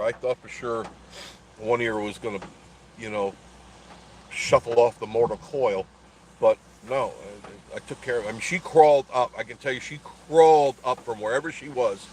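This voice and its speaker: An older man talks casually on a live stream, rambling from one story to the next and laughing often. His voice sits at an ordinary middle pitch. A faint hiss of background noise runs under the recording. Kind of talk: casual live chat reading comments.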